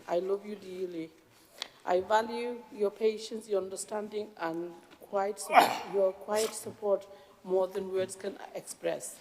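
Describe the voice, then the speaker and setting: A woman giving a formal mayoral acceptance speech with a Greater Manchester accent, emotional and halting, often stopping to restart her words. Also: mid-range voice, mellow. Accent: English, Greater Manchester. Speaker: incoming civic mayor. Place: council chamber. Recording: long hall reverb.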